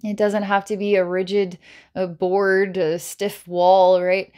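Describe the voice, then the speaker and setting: A woman psychic healer talks through a guided energy-healing session at a medium pitch. Her manner is playful and giggly, loose and full of filler words. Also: level tone, slow pace, darkish tone, smooth.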